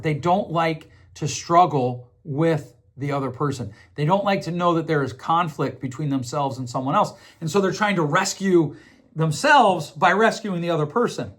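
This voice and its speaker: Man, middle-aged, podcast host, earnest explanatory monologue, fairly high voice. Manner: earnest, explanatory, repeats himself and restarts. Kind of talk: reflective monologue on relationships.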